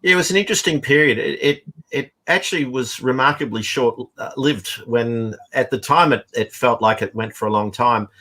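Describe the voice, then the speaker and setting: A man's voice: medium pitch, normal speed, hardly any pauses, pushed and bright. A middle-aged man who writes and teaches comics, talking casually in a rambling way full of fillers and restarts. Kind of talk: casual chat.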